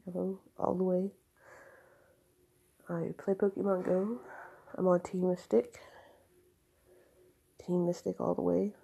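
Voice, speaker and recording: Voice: mid-range voice, little pitch movement, slow, creaky, pauses often, dark tone, husky, rough recording. A young adult rambling hesitantly in a casual monologue to camera, with a voice cracking from allergies.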